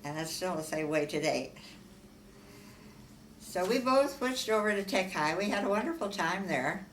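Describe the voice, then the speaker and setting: An older woman from Omaha, Nebraska, unhurriedly recounting her life story in an oral history interview, with frequent fillers and soft laughs. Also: fairly low pitch, animated, normal speed. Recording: echoey room, far from mic, faint hiss.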